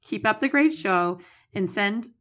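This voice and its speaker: A woman's voice: medium pitch, animated, a little slow, noisy background. A woman with a Boston accent, co-hosting a podcast and reading listener letters aloud in a plain, matter-of-fact way. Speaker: podcast co-host.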